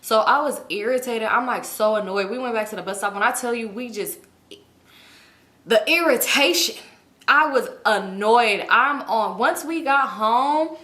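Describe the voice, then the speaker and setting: A woman in her thirties telling a storytime to her viewers, casual and profane, her pitch jumping up as she gets worked up. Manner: profane, animated retelling with quick jumps up in pitch. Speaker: storytime vlogger. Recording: echoey room.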